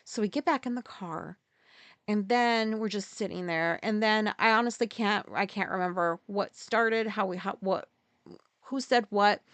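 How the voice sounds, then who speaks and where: A woman's voice: a bit bright, no echo. Candid, profane woman telling a story. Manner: halting, profane, with restarts and sudden pitch jumps. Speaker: podcast host.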